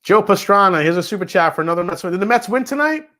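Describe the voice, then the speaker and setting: A man's voice: high voice, expressive, fast talker, sharp tone. A man with a New York accent hosting a casual whiskey livestream, reading out viewer messages and chatting loosely, with casual swearing.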